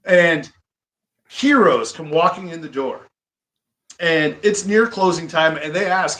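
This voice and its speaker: A man in his forties from Iowa, a pro wrestler, telling stories as a podcast guest in an animated way. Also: on the high side, reverberant, rough recording. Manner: animated, quick to laugh. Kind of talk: casual storytelling. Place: studio.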